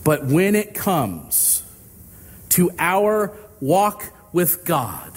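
Slow, deliberate preacher with long reverb. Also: male voice, high voice, very animated, slightly rough. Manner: slow, deliberate storytelling with drawn-out phrases. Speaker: pastor. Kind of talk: sermon with illustrative story.

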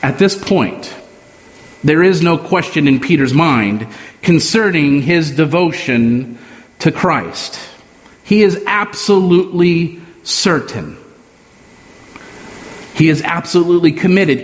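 A man preaching a sermon, slow and deliberate, with emphatic pauses. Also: fairly high pitch, lively intonation. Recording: long hall reverb.

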